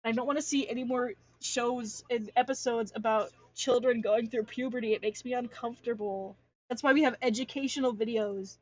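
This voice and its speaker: Speaking a little fast in a fairly high, steady voice, this young adult woman streams herself drawing, recorded dry. She chats casually, rambling and ranting with lots of filler words and restarts.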